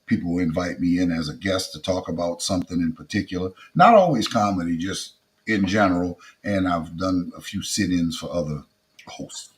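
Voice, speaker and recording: Middle-aged South Louisiana man, low voice. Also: normal speed, rough recording. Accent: South Louisiana Creole. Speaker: comedian guest. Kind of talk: casual interview.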